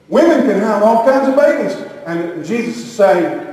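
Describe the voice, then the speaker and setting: High-voiced preacher in an echoing hall. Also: male voice, normal speed. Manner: animated storytelling, acting out quoted voices. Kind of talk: sermon. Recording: echoey hall from a distance.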